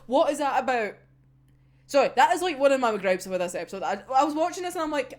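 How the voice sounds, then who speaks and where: A woman's voice: high voice, animated, fast talker. A young woman with a Scottish accent chatting casually about an anime episode, swearing freely and laughing often. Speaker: anime reviewer.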